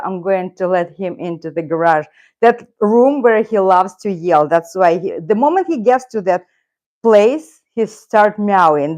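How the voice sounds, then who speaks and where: A woman's voice: medium pitch, expressive, measured pace, a little mellow. A middle-aged woman with a Russian accent, chatting casually and rambling on a live stream. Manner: rambling, talks to her cat and viewers. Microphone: loose clip-on mic.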